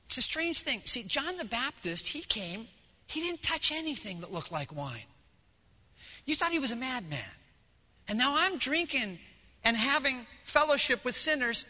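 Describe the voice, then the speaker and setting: During a church service, a male pastor preaches with lively storytelling, his delivery shifting from quiet to loud. He speaks in a high-pitched voice at an unhurried pace, in a big-room sound.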